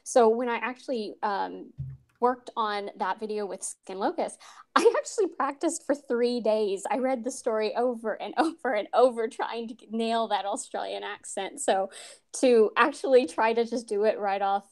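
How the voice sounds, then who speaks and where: A woman's voice: a little high, normal speed, a little mellow. An American woman in her thirties, a story narrator, answering interview questions over a call in a bashful, giggly way with a youthful-sounding voice. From United States. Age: 30s. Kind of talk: casual interview chat.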